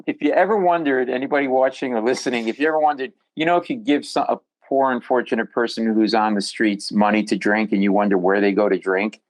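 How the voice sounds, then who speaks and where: A man, a comedian guest on a podcast, telling stories in an animated, jokey way. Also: medium pitch, quick pace, few pauses, low-quality recording. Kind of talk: storytelling in a podcast interview.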